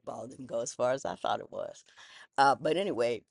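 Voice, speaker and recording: A woman's voice: rumbling low, a little fast, vocal fry, no echo, studio quality. A woman who was once a judge talks through her thoughts in a casual, candid monologue. She rambles and restarts, and her phrasing is folksy. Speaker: former judge sharing personal reflections.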